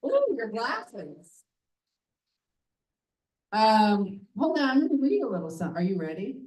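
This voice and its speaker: Lively woman host working the crowd. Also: medium pitch, quick pace. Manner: chatty, talks to the crowd. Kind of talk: live show hosting. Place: live venue in front of an audience. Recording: roomy audience mic from a distance.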